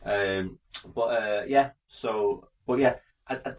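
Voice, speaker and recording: Low-voiced man telling a story. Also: slow, far from the mic. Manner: storytelling, often acting out quotes in a raised voice. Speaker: podcast co-host. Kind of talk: casual chat.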